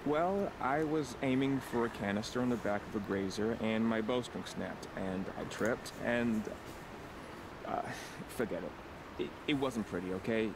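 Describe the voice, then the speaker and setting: A sheepish young tribal outcast. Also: male voice, fairly low pitch, unhurried. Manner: rambling, sheepish, self-deprecating. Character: young male tribal outcast, self-doubting. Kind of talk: video game dialogue. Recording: game audio with ambient noise.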